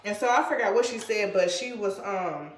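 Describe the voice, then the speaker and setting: A woman's voice: mid-range voice, moderate pace, echoey room. A woman vlogger telling a personal story in a casual, rambling way, full of fillers and restarts. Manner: rambling, filler-heavy retelling.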